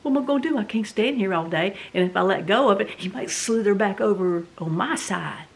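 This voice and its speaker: A middle-aged woman with a Southern US accent tells a story in a casual, animated, dramatic way, full of fillers. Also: medium pitch, a little fast, vocal fry. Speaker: vlog host.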